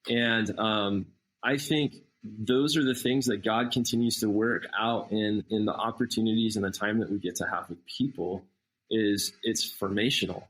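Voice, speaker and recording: A man, a missionary guest on a podcast, telling a personal story in a casual, animated way and acting out the dialogue. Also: on the low side, normal speed, poor audio. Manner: animated, acts out quoted dialogue.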